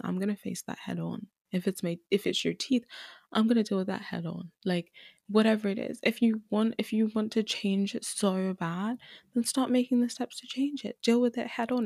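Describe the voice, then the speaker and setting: A young woman hosts a podcast, talking candidly on her own in an earnest, emotional way and repeating herself for emphasis. Her medium-pitched voice has vocal fry and a slightly mellow tone, and she becomes tearful at times. The sound is dry and close, with no echo.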